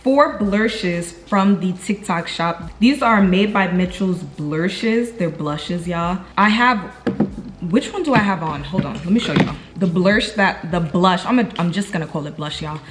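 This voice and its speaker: A woman's voice: fairly low pitch, unhurried, background noise. Chatty young New York woman vlogging. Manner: chatty, slangy, talks straight to viewers as "y'all". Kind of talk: casual chat to camera.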